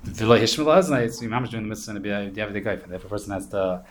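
A man's voice: lowish voice, expressive, rapid-fire, slight background noise. A man teaching an informal Torah class, explaining in a loose, rambling way with many fillers and Hebrew terms.

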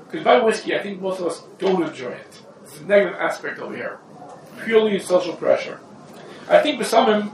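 A man's voice: high voice, lively intonation, fast talker. A man giving an informal, conversational Torah lesson, moving between English and Yiddish and Hebrew terms. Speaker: rabbi teaching a halacha class. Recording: roomy echo from a distant mic with faint background noise.

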